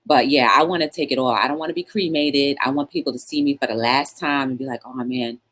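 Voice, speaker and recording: Talk show host, woman, low-pitched, chatty and rambling, laughs a lot. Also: fast, a bit bright. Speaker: talk show host reading live chat. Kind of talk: casual chat.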